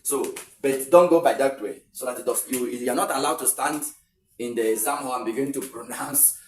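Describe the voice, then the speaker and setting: Male tutor, steady board-side explainer, echoey room, mic set back. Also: mid-range voice, brisk, distant mic, slight background noise. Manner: explaining step by step, repeats words, fillers. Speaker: English tutor. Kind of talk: exam-prep lesson.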